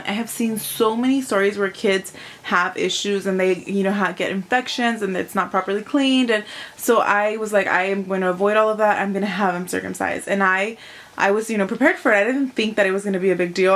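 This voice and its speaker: A woman's voice: mid-range voice, fairly bright tone. A young woman vlogging to camera as a mom, retelling a personal experience in a chatty, emotional way, with lots of fillers. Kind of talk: casual vlog monologue.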